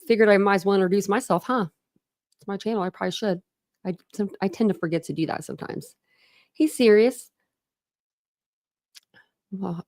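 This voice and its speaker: In a small room at home with her dogs, a woman with a darkish mid-range voice hosts a casual livestream, greeting viewers by name and laughing often. She sounds a bit out of breath, and the recording is dry with clean studio sound.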